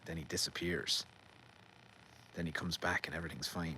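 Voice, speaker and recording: Deep-voiced Irish man chatting in a garden. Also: fairly even intonation, moderate pace, pushed and bright, slight background noise. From Ireland. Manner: rambling, joking, reads out viewer comments. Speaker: livestream host. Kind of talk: casual live-stream chat. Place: garden outdoors at night.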